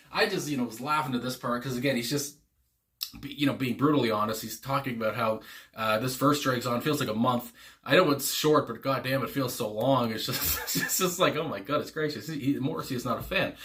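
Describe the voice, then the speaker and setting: Man, casual music reaction commentary, rambling with fillers and restarts, bright forceful tone. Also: mid-range voice. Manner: rambling, frequent fillers and restarts, chuckling asides. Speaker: music reaction channel host.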